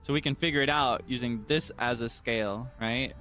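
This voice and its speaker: A man's voice: medium pitch, moderate pace, sharp tone. A young man streaming, chatting casually in a rambling, self-correcting way with frequent chuckles.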